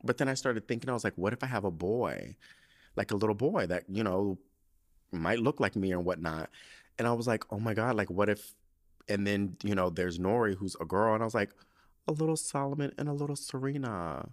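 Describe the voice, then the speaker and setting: A man's voice: on the low side, a little fast. A man hosting a casual solo podcast into a microphone, rambling and emotional and swearing freely as if he were on the phone. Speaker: podcast host.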